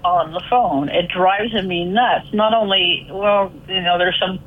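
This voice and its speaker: A woman's voice: on the low side, a little slow. A woman calling in to a radio show, chatting casually and rambling with lots of fillers. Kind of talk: casual phone chat. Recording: tinny phone line.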